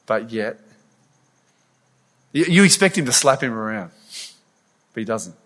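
A man preaching a sermon, retelling a scripture story in an earnest, animated way with frequent restarts. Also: medium pitch, measured pace.

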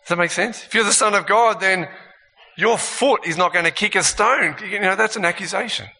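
Preacher guy giving a sermon, animated, bright forceful voice, echoey hall. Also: sits high, fairly quick, husky. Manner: animated, acts out voices of tempter and accuser.

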